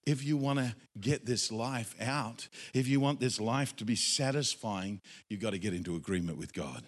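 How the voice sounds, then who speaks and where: A man preaching a sermon in an animated, dramatic way, acting out the voices of doubters. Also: on the low side, normal speed. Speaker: pastor. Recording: echoey hall, long reverb.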